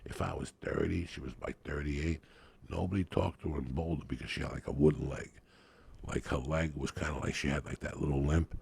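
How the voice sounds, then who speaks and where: A man with a very deep voice tells a graphic comedic story. His delivery is thick with gravel and fry. He rambles, swears constantly and piles on crude details. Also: fairly even intonation, fairly quick, a little mellow. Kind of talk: raunchy comedic storytelling rant.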